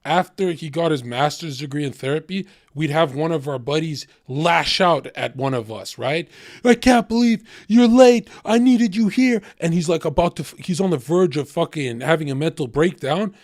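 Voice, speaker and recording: A man's voice: a little high, moderate pace, hardly any pauses, no echo, studio quality. A man hosting a podcast, telling stories bluntly and swearing freely. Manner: blunt, profane storyteller. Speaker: podcast host. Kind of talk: casual podcast chat.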